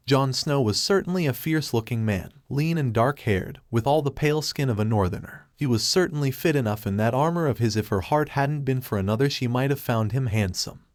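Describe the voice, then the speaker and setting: A man giving a scripted narration of a fan fiction story in an even, plain reading voice. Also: mid-range voice, no room sound, studio quality. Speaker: story reader.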